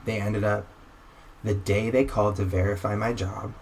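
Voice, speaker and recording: Young male guest, low register, lively storyteller who voices the people in his tale, light hiss on the line. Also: moderate pace. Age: young adult. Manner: animated, acts out dialogue in quotes. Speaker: podcast guest. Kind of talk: casual storytelling.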